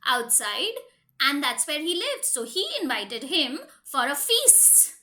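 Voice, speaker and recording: A woman reads a story to little children in a very high, bright voice. She speaks very slowly and with a lively, sing-song rise and fall. She keeps stopping to ask the children questions. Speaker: preschool teacher.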